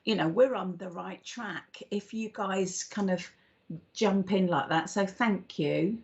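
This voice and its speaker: A woman's voice: mid-range voice, slow, a little mellow. A British woman co-hosting a live psychic stream, bubbly and affectionate, greeting viewers with endearments. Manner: bubbly, affectionate, calls people darling. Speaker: psychic co-host. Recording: dull lo-fi stream audio.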